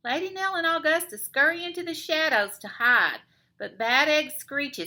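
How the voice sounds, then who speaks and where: A woman teacher reading a picture book aloud with expressive storytime narration. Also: sits high, normal speed. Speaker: elementary school teacher.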